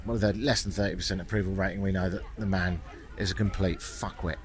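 A man's voice: low voice, fairly even intonation, quick pace. Wry British man vlogging outdoors. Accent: British English. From Britain. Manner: chatty, wry, swearing, earnest. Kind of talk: walking vlog monologue. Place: outdoors in a small mountain town.

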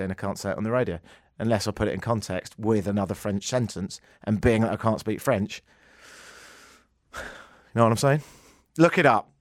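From a radio studio, an English-accented man hosts a radio show, spinning a rambling, self-mocking story in a casual, joking manner. His mid-range voice comes through at studio quality with no room sound.

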